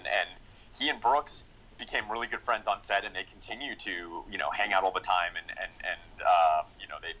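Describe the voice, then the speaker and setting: A man with a very low voice and a bright, forward tone talks casually as a screenwriter and director. He rambles eagerly, stacking fillers and restarting sentences. His enthusiasm runs through the whole conversation. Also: low-quality recording. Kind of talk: casual interview.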